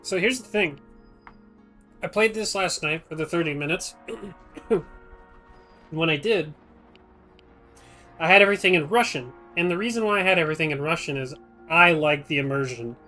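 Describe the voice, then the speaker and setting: A man's voice: on the high side, normal speed, long pauses, faint music behind. Chatty man streaming a game. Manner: chatty, rambling, thinks out loud. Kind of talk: casual live-stream commentary.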